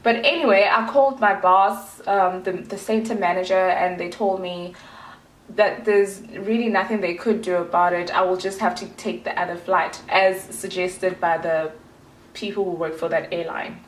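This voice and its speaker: A woman's voice: lowish voice, steady tone, normal speed, reverberant, rough recording. A woman from South Africa in her twenties, chatting casually and rambling to her vlog audience with playful asides. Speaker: vlogger. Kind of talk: casual chat to camera.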